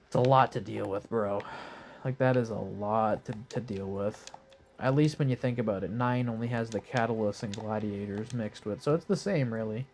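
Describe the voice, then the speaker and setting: Hoarse, stuffy-nosed man rambling through gameplay. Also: fairly low pitch, normal speed, a little mellow, a little hiss or hum. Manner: laid-back, rambling, swears casually. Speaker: gaming commentator. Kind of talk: casual live gameplay commentary. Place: lying in bed at home.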